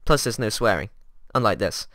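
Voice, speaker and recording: A man's voice: lowish voice, animated, moderate pace, a bit bright, dry recording, voice pushed down. A teenage boy playing a scornful, sarcastic version of himself who mocks and sighs, recorded on a desk microphone. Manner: sarcastic, mocking, world-weary. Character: sarcastic scornful young male critic self. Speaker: gaming YouTuber. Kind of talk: comedic self-argument sketch. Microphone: desk USB microphone.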